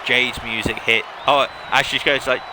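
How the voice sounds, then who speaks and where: A male gaming streamer chatting casually, retelling storylines in a rambling, animated way. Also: medium pitch, moderate pace, a crowd in the background, background noise. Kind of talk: casual chat recapping storylines.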